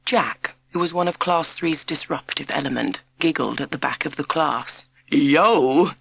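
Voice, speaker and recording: A woman narrates a children's storybook with an expressive, measured delivery. Her voice sits fairly low with a gravelly texture, yet moves widely in pitch. The recording is dry and close, with no room sound. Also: dry recording. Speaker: audiobook narrator.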